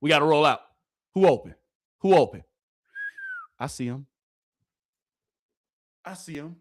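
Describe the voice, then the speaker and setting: Man, hyped live sports commentary, fairly high voice, laughs a lot. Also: lively intonation, slow, pauses often. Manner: hyped, chatty, laughing, slangy. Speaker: sports video host. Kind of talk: casual live commentary over game clips.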